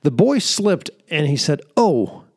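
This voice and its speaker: Man, young adult, podcast host, creaky gravelly voice, earnest faith reflection. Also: mid-range voice, lively intonation, unhurried, a little mellow. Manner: earnest, storytelling with fillers and laughs. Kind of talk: faith-based reflective monologue.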